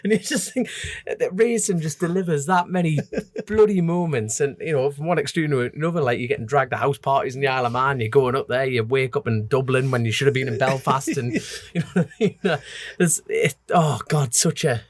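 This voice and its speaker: A man with a North East English accent, a guest telling racing stories in a casual, animated way and laughing often. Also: mid-range voice, brisk, no room sound. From North East England. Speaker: podcast guest, road racer. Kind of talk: casual chat.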